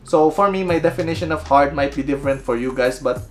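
A man's voice: on the high side, fast, soft background music. A young man from the Philippines with a Filipino accent, chatting playfully and poking fun at himself while answering viewer questions in a casual vlog. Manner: playful, self-mocking, chatty. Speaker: architecture video creator.

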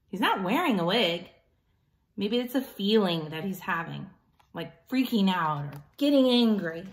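Woman teacher, story time voice, slow and lively, asks kids questions. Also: mid-range voice. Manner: animated, asks children questions. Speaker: teacher reading aloud.

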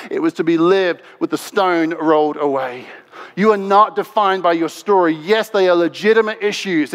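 High-voiced preacher in a big echoing hall. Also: male voice. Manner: impassioned, swings between loud and hushed. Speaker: pastor. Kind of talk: sermon. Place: large church sanctuary. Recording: long hall reverb.

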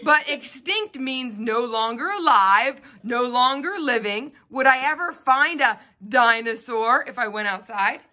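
A woman's voice: fairly high pitch, animated, unhurried, few pauses, sharp tone. A woman teacher giving a phonics lesson to a child, patiently sounding out letter sounds.

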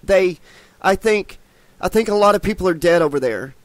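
A man's voice: high voice, expressive, moderate pace, no room sound, voice pushed up. A man voicing a frightened young churchgoing woman who stammers in panic. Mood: flustered.

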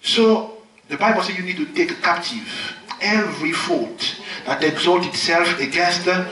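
A male pastor preaching at a healing crusade, swinging between loud, high exclamations and soft, low murmurs. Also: a little slow. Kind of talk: sermon. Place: large hall at a healing crusade. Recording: echoey hall, mic at a distance.

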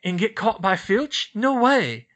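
A man's voice: high voice, big pitch swings, slow, a bit bright, voice pushed up, full character voice. A man voicing a blunt, casual young teenage schoolboy in an audiobook.

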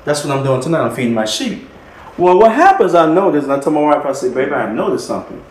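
A man preaches a sermon with emphatic, repeating phrases and little chuckles between points. His voice sits a touch high. The recording has a roomy, echoing sound. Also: very animated, quick pace. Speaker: minister. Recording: echoey room.

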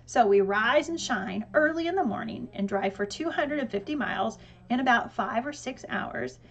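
A woman's voice: a little high, expressive, vocal fry. A woman voicing an organized mother who methodically reads out a trip plan. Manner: methodical, brisk list-reading. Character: organized, businesslike mother laying out plans.

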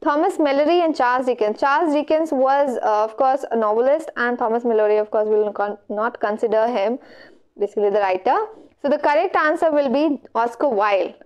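A woman's voice: a little high, brisk, darkish tone. A woman with an Indian English accent teaching an online exam revision lecture, explaining step by step and checking in with frequent okays. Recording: dull lo-fi mic.

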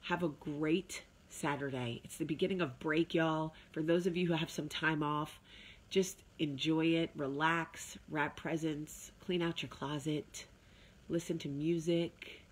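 A woman speaks straight to her viewers in a casual, motivational talk. Her voice sits a little low, and her delivery is chatty and emphatic. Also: fairly even intonation, unhurried, husky. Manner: chatty, emphatic, with sung asides. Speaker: vlog host.

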